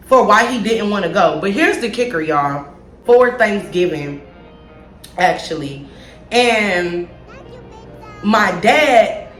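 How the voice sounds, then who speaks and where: Woman vlogger, casual storytime, blunt and profane, middle pitch, echoey room, phone mic. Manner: animated, blunt and profane, addresses viewers as y'all. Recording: roomy echo with faint music.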